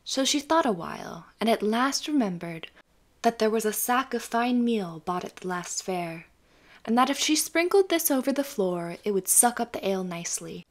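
A woman narrating a fairy tale audiobook in a calm, even storytelling manner. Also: fairly high pitch, normal speed. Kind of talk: scripted bedtime story narration.

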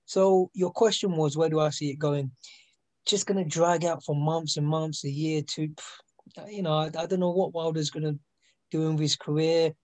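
Guy, bit higher voice, chatting boxing gossip, frank. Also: steady tone, moderate pace, a little mellow. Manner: storytelling, acts out quotes, frank. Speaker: guest. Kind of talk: casual boxing chat.

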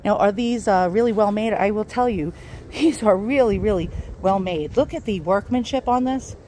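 A woman's voice: mid-range voice, normal speed, dark tone, a little hiss or hum. A woman vlogging casually while out of breath, rambling, laughing and swearing freely. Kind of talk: casual home vlog.

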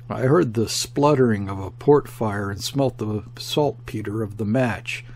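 A man reading a classic novel aloud in a measured, deliberate audiobook narration. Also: mid-range voice, vocal fry, a little mellow, slight background noise.

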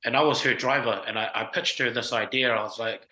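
A man's voice: medium pitch, fairly even intonation, a little fast, pushed and bright. A man, a film writer and producer, telling his story in laid-back slang with many fillers as an interview guest. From New Zealand. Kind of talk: casual interview chat. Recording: roomy echo.

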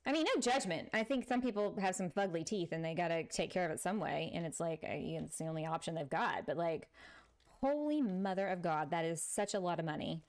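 A woman's voice: fairly low pitch, expressive, fairly quick. A middle-aged woman from Texas with a Texan accent, chatting casually and laughing often while streaming a building game to her viewers. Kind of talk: casual gameplay chat with live chat.

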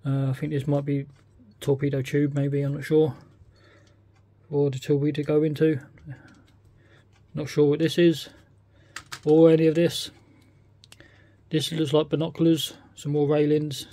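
A man's voice: on the high side, completely flat delivery, measured pace, pauses often, warm tone. A man with a British accent, casually talking through a model kit unboxing, often hesitant and thinking aloud. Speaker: scale model kit reviewer.

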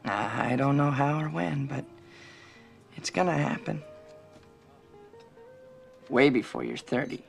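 A man's voice: medium pitch, slow pace, creaky, long pauses, soft background music. An actor playing an eager young songwriter husband who stammers and repeats himself as he coaxes and reassures. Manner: stammering, coaxing. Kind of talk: TV movie acting.

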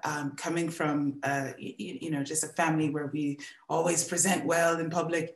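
Gentle woman teaching on a video call. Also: low-pitched, reverberant. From United States. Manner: gentle, encouraging, thoughtful. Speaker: writing workshop teacher. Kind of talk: giving feedback in a workshop.

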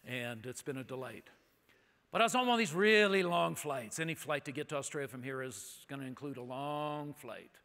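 A man's voice: a little high, sharp tone. A man preaching as a guest speaker, telling a story in a chatty, anecdotal way full of asides. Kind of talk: storytelling sermon. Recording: long hall reverb.

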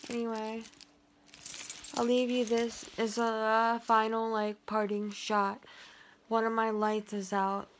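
A woman's voice: a little high, completely flat delivery, slow. A young woman rambling casually at home, joking at her own expense, with lots of fillers. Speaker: vlogger. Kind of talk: casual chat. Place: at home indoors. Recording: noisy home recording.

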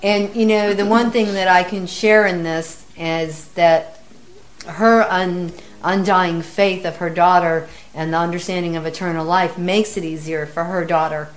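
A middle-aged woman casually telling stories as a medium, lively as she acts out what people said. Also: on the low side, a little slow. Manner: animated, acts out quoted voices. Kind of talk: casual storytelling.

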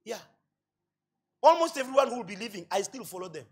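A male pastor with a Botswana accent preaching a sermon, asking rhetorical questions and building to loud shouts. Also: high-pitched, big pitch swings, a little fast, slightly rough. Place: church hall.

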